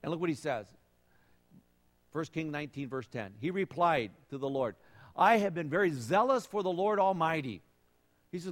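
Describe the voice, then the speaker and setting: Pastor preaching in a reverberant hall. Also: male voice, fairly high pitch, expressive, normal speed. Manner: conversational storytelling with frequent fillers and restarts, acting out voices. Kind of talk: sermon.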